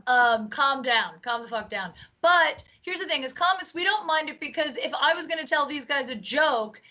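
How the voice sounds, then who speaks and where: Casting: chatty woman comic, high voice, lo-fi recording. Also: expressive, bright, forceful tone. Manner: chatty, quick riffing advice. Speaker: comedian guest. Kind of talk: casual panel chat. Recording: dull lo-fi audio.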